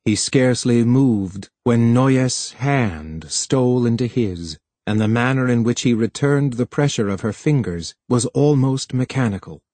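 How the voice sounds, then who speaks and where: This is scripted audiobook narration by a man whose voice is mid-range. He reads steadily and with measure, and the recording carries no room sound.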